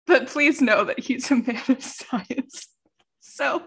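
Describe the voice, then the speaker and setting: A playful woman chimes in during a casual chat, teasing her co-host. Her voice is fairly high and easygoing. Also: drawn-out words, breathy edge. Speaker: podcast co-host.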